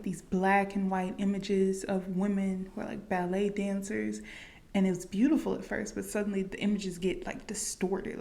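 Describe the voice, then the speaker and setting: Gravelly-voiced woman recapping a film. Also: medium pitch, darkish tone. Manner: chatty, fillers like "like" and "you know". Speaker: movie reaction youtuber. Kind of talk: casual movie recap.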